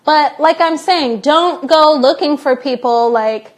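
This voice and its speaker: A woman's voice: high-pitched, slow pace. A young woman, an English teacher hosting a casual live-stream Q&A, joking playfully and reading viewer questions aloud on a phone.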